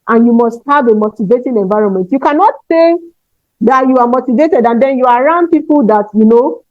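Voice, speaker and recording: A high-pitched woman speaks to a room of teachers, pressing each point with emphasis and checking in with a quick "okay?". The sound is dry and dull, like a lo-fi recording. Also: animated, no echo. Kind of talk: motivational talk.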